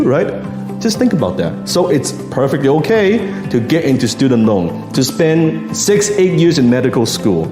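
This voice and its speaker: A man's voice: mid-range voice, sing-song, moderate pace. A man giving a motivational sales talk who asks the audience questions as a sales coach. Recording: roomy sound with music underneath.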